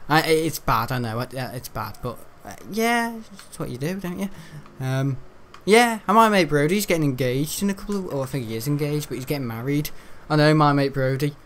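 This fairly high-pitched teen gaming host talks fairly quickly with lively intonation and few pauses, amid slight background noise. He rambles chattily through his let's-play and laughs frequently.

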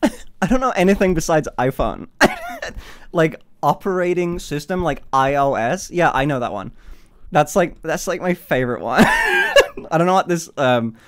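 A man's voice: wildly swooping pitch, moderate pace, a bit bright. A young man hosting a live stream, chatting in a rambling, giggly way and swearing often. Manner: rambling, swearing, giggly, high-pitched laughs. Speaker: livestream host. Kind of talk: casual live-stream chat.

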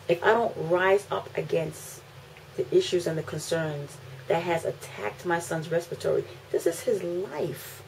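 A woman's voice: a little slow, gravelly, slight background noise, rough recording. Indignant New mother ranting. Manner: indignant, repeats phrases for emphasis, swings from loud outbursts to low, weary lines. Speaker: mother making a video complaint. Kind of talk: emotional rant to camera.

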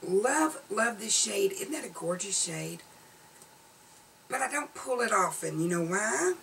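Southern lady rambling bout makeup, bit of vocal fry, faint hum in the room. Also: medium pitch, expressive, unhurried, sharp tone. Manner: chatty, blunt, laughing asides. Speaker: beauty vlogger. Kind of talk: casual product review. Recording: slightly distant camera audio with faint room noise.

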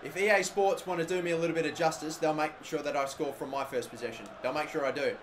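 A young man giving live, excitable commentary on a football video game, swearing often and swinging between muttering and shouting. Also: on the high side, fast, slight background noise. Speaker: gaming video host.

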